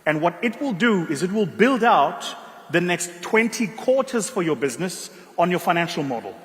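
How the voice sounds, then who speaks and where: A man from South Africa giving a motivational keynote speech, telling stories with dramatic pauses and quiet emotional passages. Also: high-pitched, big pitch swings. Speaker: keynote speaker. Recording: reverberant hall.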